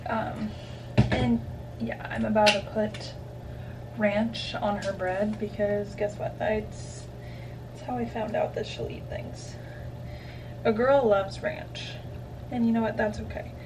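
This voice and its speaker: A young woman talks into her phone at home for her vlog, slow and chatty, wandering from thought to thought with plenty of "um"s. Her voice sits at a middle pitch. The recording carries a steady layer of background noise. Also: far from the mic. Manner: chatty, rambling with many fillers. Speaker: vlogger. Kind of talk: casual vlog chat.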